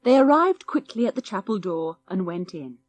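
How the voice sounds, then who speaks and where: Lively woman reading a children's story. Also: medium pitch, normal speed, dry recording. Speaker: audiobook narrator.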